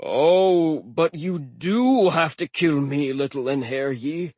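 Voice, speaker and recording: A man voicing a wounded male stone giant who croaks out slow, spiteful threats in a storybook reading. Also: a little high, expressive, a little mellow, dry recording. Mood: mocking menace. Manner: slow, sneering and menacing.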